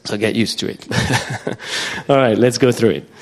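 A man with a French accent leading a church service, praying and reading scripture in a hesitant, earnest way with many pauses and fillers. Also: medium pitch. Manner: reads scripture louder and slower, emphatic. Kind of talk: sermon with prayer and scripture reading.

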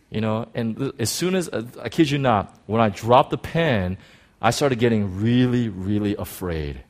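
A man preaching a sermon, telling a personal story in an excited, animated way with many restarts. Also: on the low side, normal speed.

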